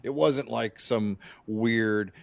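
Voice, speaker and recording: Low-voiced man, dry close sound. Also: steady tone, slow, vocal fry, no echo. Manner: easygoing listener, short reactions and reassuring remarks. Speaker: podcast co-host. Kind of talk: casual chat.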